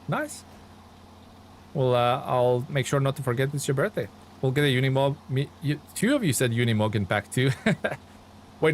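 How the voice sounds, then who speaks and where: An excitable man chatting casually on a live game stream. His voice sits in a middle pitch, and he talks readily to his viewers while he plays. Faint noise hums behind him.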